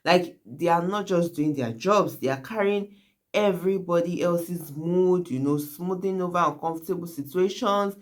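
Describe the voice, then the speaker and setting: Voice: mid-range voice, normal speed. A YouTube host talking earnestly to viewers in casual commentary, often checking in with "right?" and "guys".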